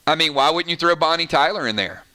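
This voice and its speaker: A man hosting a gaming channel livestream, chatting casually and reading out viewer comments with quick asides. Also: fairly high pitch. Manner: chatty and animated, quick asides, frequent "right?".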